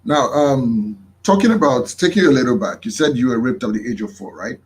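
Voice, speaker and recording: A man hosting a talk show, speaking haltingly with many fillers. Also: mid-range voice, animated. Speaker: host.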